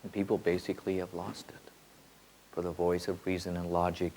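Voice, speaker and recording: A man giving a spiritual teaching in a loose, repeating way, swinging between soft musing and sudden excited bursts. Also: low-pitched, brisk, a little hiss or hum. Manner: repeats words and restarts often. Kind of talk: spoken teaching to a group.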